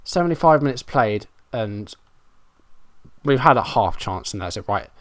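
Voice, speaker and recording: A man's voice: mid-range voice, expressive, normal speed, no echo. A man giving running play-by-play commentary on a football management game, frustrated and self-mocking. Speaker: gaming YouTuber.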